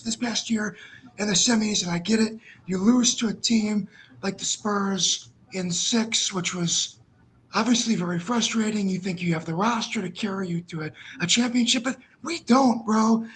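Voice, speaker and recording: A man's voice: sits high, fairly bright tone, slight background noise. A man from Minnesota ranting profanely and passionately in a casual sports podcast chat, calling in on his phone. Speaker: podcast co-host. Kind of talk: casual sports talk rant.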